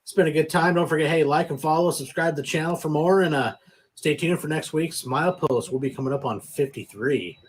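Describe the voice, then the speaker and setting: Male podcast host, fast easygoing delivery, casual chat. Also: a little high, breathy edge. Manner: relaxed, easygoing sign-off with fillers.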